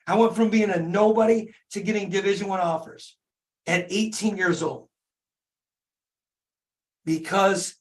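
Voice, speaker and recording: A hoarse man in his forties from Michigan, a podcast host giving a fervent, repetitive motivational talk in casual slang. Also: high voice, fairly even intonation, measured pace, pauses often. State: hoarse from laryngitis. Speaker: podcast host, dentist and business owner. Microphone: speaking to an online call audience.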